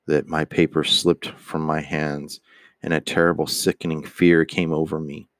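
Deep-voiced man reading slowly and earnestly. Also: no echo, clean studio sound. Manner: earnest, remorseful, with occasional stumbles and restarts. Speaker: reader. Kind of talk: dramatic reading of a father's letter.

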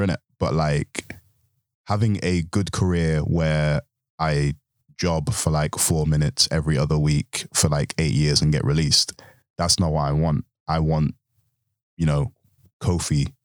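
A man's voice: extremely low pitch, steady tone, moderate pace, dry recording, studio quality. A man from Nigeria raised in the UK, talking animatedly and swearing in casual chat. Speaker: podcast guest, wrestler.

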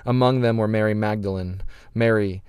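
A man with a fairly low voice hosts a reflective podcast, reading scripture aloud and then teaching from it. His delivery is earnest and measured, with dramatic emphasis on key phrases. The sound is dry and close to the mic. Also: steady tone, darkish tone, clear, resonant tone, no echo. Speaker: podcast host.

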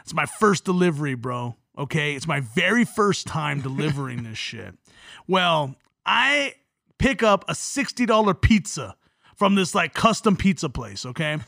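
A man co-hosting a podcast, telling a story in a casual, profane and animated way. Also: a little high, moderate pace, vocal fry, no echo, clean studio sound. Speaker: podcast co-host, comedian.

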